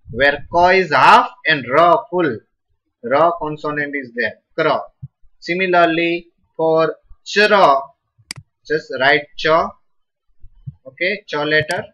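An encouraging Indian English teacher guides students through pronunciation, calling on them by name and praising each answer. His voice is bright and forceful, and he speaks slowly. The recording sounds dull and lo-fi. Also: fairly high pitch. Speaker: Sanskrit teacher. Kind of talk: live online class teaching.

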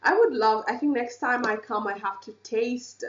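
Woman co-host, higher voice, excitable reactions, roomy echo, slightly dull lo-fi sound with faint noise. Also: normal speed. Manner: enthusiastic, asks viewers questions. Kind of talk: reaction video commentary.

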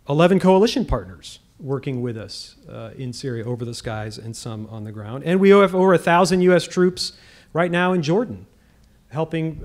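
A man with a fairly high voice speaking on a public debate panel. He argues earnestly and often stops to restart a phrase or add a filler as he works through his point. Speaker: debate panelist, former government official.

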